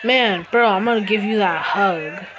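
Slow, playful woman trash-talking through a game. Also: mid-range voice, a loud crowd, heavy background noise. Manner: playful trash-talk, laughs at opponents. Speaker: mobile game player. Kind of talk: casual gameplay commentary. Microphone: phone screen recorder.

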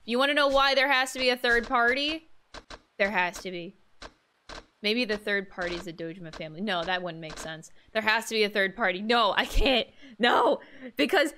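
A high-pitched woman with a bright, sharp voice streams a video game. She talks casually and excitably to her chat, reacting loudly to whatever happens on screen. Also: normal speed. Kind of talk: casual gameplay commentary.

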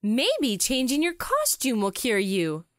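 A woman doing a bossy, eager little schoolgirl for a storybook read-aloud, coaxing and dramatic. Her high voice leaps all over the place, and she takes her time with every line. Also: huge pitch swings, takes it slowly, dry recording, clean studio sound, exaggerated voice. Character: young schoolgirl, eager, bossy would-be star.

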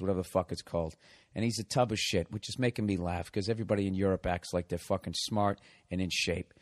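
A man hosting a podcast, telling a story in a profane, animated comedic rant. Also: low voice. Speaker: podcast host.

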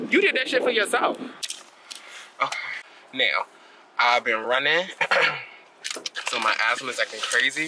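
A man, talking in a fairly high voice, rants and exclaims in sassy slang as he vlogs on the go. He holds his camera close in the street and on the train. Clear traffic and city noise runs under his voice. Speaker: vlogger. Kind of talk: casual vlog chat. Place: streets and a train around Long Island and the city. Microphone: handheld phone or camera. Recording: noisy outdoor phone recording.

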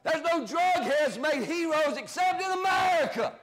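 High-pitched shouting preacher. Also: male voice, lively intonation, normal speed. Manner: shouting preacher, drops to low asides. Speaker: pastor. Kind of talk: fiery sermon.

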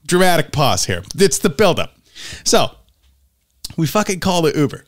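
A man's voice: a little high, big pitch swings, moderate pace. A man co-hosting a podcast, telling a profane story in casual chat and acting out his friends' lines. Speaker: podcast co-host.

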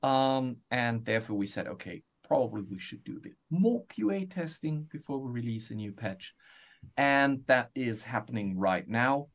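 A man on a live stream, casually explaining a software patch, with frequent ums and an easygoing manner. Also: medium pitch, moderate pace. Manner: relaxed, explains plainly, many ums. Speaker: developer guest on a product stream.

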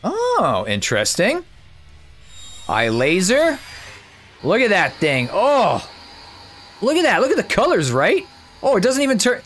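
Excitable man narrating gameplay. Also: high-pitched, measured pace, pauses often. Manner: excitable, chatty, thinks out loud. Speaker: gameplay YouTuber. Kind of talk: casual gameplay commentary.

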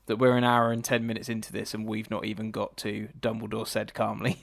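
A man's voice: fairly low pitch, level tone, fast talker, creaky. A man co-hosting a podcast, giving easygoing opinions in a casual film review chat. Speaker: podcast co-host.

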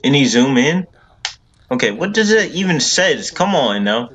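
Slow-talking jittery gamer man. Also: medium pitch, very animated, a bit bright. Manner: jittery, repeats himself over and over. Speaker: gaming video creator. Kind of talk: horror game let's play commentary.

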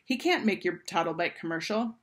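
A woman's voice: on the low side, expressive, brisk, natural voice. A woman reading aloud, voicing a busy, firm middle-aged father.

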